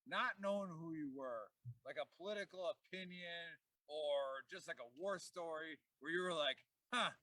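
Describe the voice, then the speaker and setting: A man's voice: a little high, pushed and bright, dry recording, distant mic, low-quality recording. A man hosting a podcast, joking and ribbing his guests in casual chat. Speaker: podcast host.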